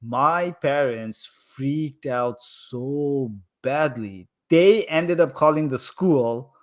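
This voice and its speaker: A man's voice: mid-range voice, drawn-out words. A young man in his own voice, the guest on a live chat, telling stories animatedly and leaning heavily on "like" as a filler. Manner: animated, heavy use of "like" fillers. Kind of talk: casual storytelling in a live chat.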